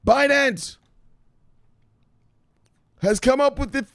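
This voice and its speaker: A man's voice: extremely high pitch, slow pace, fairly bright tone, dry recording, studio quality, voice pushed up, heavily acted. A man voicing a grandiose grown son who lectures his mother in a pompous, declaiming way.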